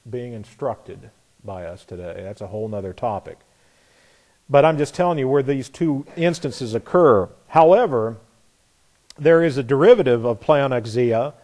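A man preaching a sermon to his assembly. He has a mid-pitched voice and a conversational, teaching manner, with frequent restarts. He stops now and then to spell words out slowly, letter by letter. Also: warm tone. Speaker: pastor.

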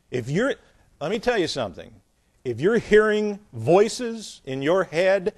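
Male pastor, slightly high voice, reads scripture with emphasis, blunt scornful asides between verses. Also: a little mellow. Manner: scornful, plain-spoken. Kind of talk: sermon with scripture reading.

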